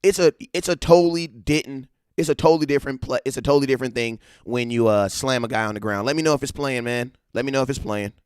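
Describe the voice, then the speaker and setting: Excitable man streaming football talk. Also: mid-range voice, fast, hardly any pauses, clean tone, no room sound, clean studio sound. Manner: animated, excitable, lots of slang and repeated phrases. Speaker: live-stream sports talk host. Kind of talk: casual live-stream commentary.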